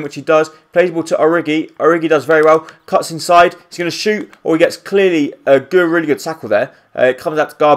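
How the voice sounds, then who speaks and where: A man with a slightly raised voice calls his football video game as it unfolds. His play-by-play gets excitable at chances, then drifts into rambling asides about his players. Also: a little high. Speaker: gaming YouTuber. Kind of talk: live football game commentary.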